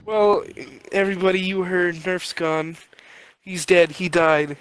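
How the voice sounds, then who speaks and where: A man's voice: high voice, fairly even intonation, measured pace, poor audio. A young man co-hosting a podcast, narrating an improvised comic story in a rambling, crude, playful way. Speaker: podcast co-host.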